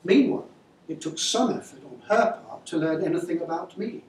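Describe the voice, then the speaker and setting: A man's voice: high voice, fairly quick, darkish tone, a little hiss or hum. Man reading aloud in an echoey room. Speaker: author reading his novel. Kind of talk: reading aloud then answering an interview. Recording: echoey room, far-off mic, faint ambience.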